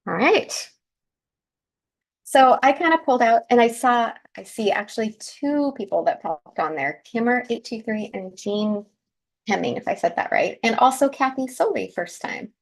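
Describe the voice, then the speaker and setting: A woman's voice: on the high side, animated, moderate pace, gravelly. A woman hosting a live crafting demonstration, chatting through each step as she works, with a groggy morning voice. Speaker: craft show host.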